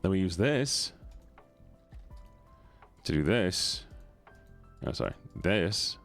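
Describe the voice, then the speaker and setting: Young man, Midwestern, live-stream chatter, joking and rambling, animated pitch. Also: slow, creaky, faint music behind. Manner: playful, rambling, joking with chat. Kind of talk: casual live-stream chat while gaming.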